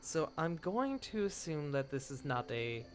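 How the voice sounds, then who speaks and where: A man voicing a tired, flattering fire-spirit courtesan woman with soft, courtly speech. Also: on the high side, a little slow, a little hiss or hum. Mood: gracious.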